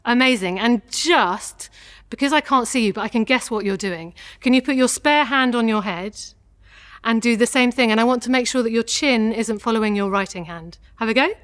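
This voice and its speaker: A woman teaching a vocal warm-up lesson, giving clear instructions with encouragement and showing each sound herself. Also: fairly high pitch, normal speed. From England. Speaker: singing teacher.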